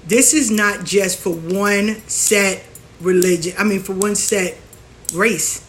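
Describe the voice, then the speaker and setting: A spiritual practitioner and show host talks slowly in a medium-pitched voice, giving a frank, animated, casual monologue in which she rants and mimics others. A little hiss or hum sits in the audio.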